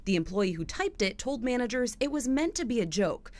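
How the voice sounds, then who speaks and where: A woman news reporter reading a scripted report in a crisp, measured way. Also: on the high side, very animated, a little mellow, no echo.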